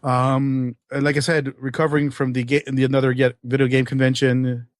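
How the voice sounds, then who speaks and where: A man in his late thirties, hoarse and hungover, co-hosting a casual gaming podcast with self-mocking rambling. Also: mid-range voice, level tone, brisk, no room sound, studio quality. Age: late 30s. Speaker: podcast co-host.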